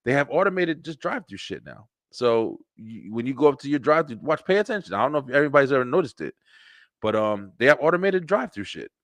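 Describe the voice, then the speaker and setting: Webshow host, man, mid-pitched, loose, profane and rambling, very dry sound. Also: quick pace, no echo. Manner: rambling, profane, animated, with lots of filler and repeated words. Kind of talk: casual livestream monologue.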